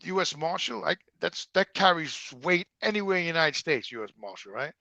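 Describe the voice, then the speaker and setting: Gravelly New Jersey man telling stories. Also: on the high side, fairly quick, no echo. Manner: profane, animated storyteller who acts out quoted dialogue. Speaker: guest. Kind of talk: storytelling in a casual interview.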